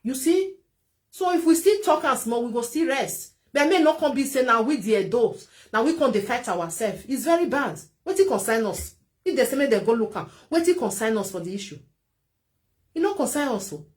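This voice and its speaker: A young woman speaks Nigerian Pidgin in a casual live-stream chat, her voice sitting a little high. She talks in an animated, pleading way and thanks viewers for their gifts as she goes. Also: fairly quick. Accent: Nigerian Pidgin English.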